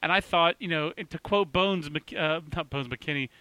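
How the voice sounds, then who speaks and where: Male host, bright and excitable, quick with restarts, dry close-mic sound. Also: fairly high pitch, smooth, dry recording. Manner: excitable, rapid, full of restarts. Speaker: baseball podcast host. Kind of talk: casual sports chat.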